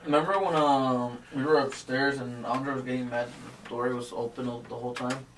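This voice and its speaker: Excited young man recalling a spooky night. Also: mid-range voice, brisk. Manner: excited, swearing storyteller. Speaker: podcast co-host. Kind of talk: casual chat. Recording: distant mic with faint noise.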